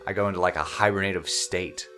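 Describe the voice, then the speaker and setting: A man with a very deep voice walks through the game in loose, playful banter with his co-host. Quiet game music runs in the background. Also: fairly even intonation, fast talker. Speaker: let's play host. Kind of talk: casual game commentary.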